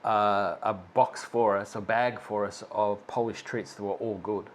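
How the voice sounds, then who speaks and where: A man co-hosting a stitching channel, chatting casually with dry, matter-of-fact quips, seated on a bed in a dark room. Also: lowish voice, steady tone, unhurried. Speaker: co-host of a stitching video channel. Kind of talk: casual chat. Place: dark bedroom, sitting on a bed.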